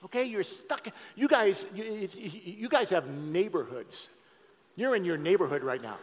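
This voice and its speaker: A middle-aged man preaches his testimony in a big auditorium, his somewhat high voice trailing off into a long hall echo. He talks straight to the crowd, dropping low and quiet and then climbing up loud. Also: very animated, fairly quick. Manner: conversational, addresses audience directly, shifts from hushed to loud. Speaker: speaker giving a testimony talk. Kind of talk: sermon-style testimony. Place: large auditorium.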